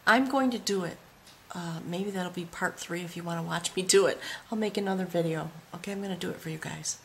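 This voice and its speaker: A woman's voice: on the low side, a little fast, slight background noise. Awed woman giving a tarot reading. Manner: awed and reverent, dropping to soft whispers. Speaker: tarot reader.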